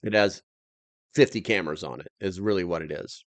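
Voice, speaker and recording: A man's voice: low-pitched, a little fast, no room sound. An American man hosting a casual livestream, rambling loosely and reading viewer comments aloud. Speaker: livestream host.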